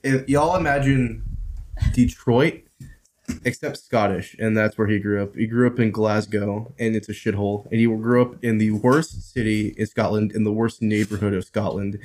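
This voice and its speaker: A man's voice: lowish voice, steady tone, moderate pace, darkish tone. A man as a guest in a casual chat, rambling through stories and laughing partway through his sentences.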